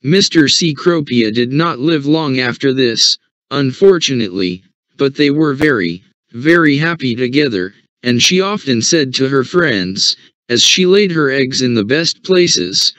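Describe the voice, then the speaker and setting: A man's voice: medium pitch, lively intonation, unhurried, a bit bright, dry recording. Man reading a story, dull dry sound. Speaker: storyteller for English learners. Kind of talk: scripted story narration.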